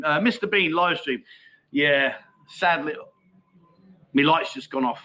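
A man's voice: on the high side, moderate pace, sharp tone. A middle-aged man, hosting a casual livestream and bantering cheekily with viewers as he reads out their comments. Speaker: livestream host.

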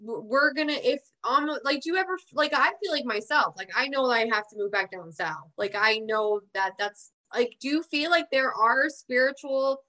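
Bright-voiced rambling woman from Georgia. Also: high voice, expressive, normal speed, few pauses. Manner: rambling, full of likes and you-knows. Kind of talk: casual chat.

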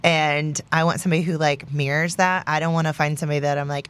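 A woman's voice: low voice, fairly even intonation, fast, hardly any pauses, a bit bright, clean tone. A woman in her late thirties co-hosting a podcast, sharing firm opinions in casual chat with many fillers. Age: late 30s. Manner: reflective, emphatic opinions with frequent fillers. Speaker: podcast co-host.

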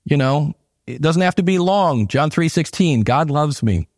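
Midwestern man preaching, higher voice, dry sound. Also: expressive, unhurried, darkish tone, no room sound. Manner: casual, conversational preaching with asides. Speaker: pastor. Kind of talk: sermon.

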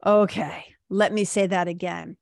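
A middle-aged woman hosts a podcast, talking casually and with animated enthusiasm, full of "like" and "right?" asides. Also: fairly low pitch, unhurried, gravelly, no room sound, clean studio sound. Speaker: podcast host. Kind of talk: casual monologue, retelling a coaching session.

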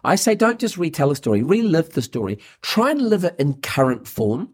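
Husky New storyteller, man. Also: a little high, fairly quick. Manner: expressive storyteller, acts out quoted dialogue. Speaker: guest, TV presenter. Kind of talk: animated storytelling in conversation.

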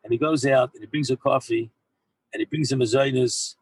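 A man who heads a yeshiva, telling an anecdote in an animated way to his former students, mixing in Hebrew and Yiddish words and often repeating himself as he goes. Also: mid-range voice, a little fast, husky, no room sound, low-quality recording. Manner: frequent repeats and restarts. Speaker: rabbi and yeshiva head. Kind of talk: storytelling talk to former students.

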